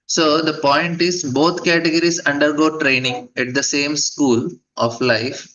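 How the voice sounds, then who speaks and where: Man teaching a halting scripture class. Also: a little high, fairly even intonation, sharp tone. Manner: halting, with frequent fillers and restarts. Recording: dull lo-fi recording.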